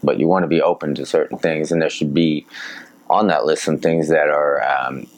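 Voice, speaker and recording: A man chatting as a podcast guest, telling his stories in a lively, animated way and laughing often. His voice is extremely deep. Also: normal speed, rough recording. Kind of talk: casual conversation and storytelling.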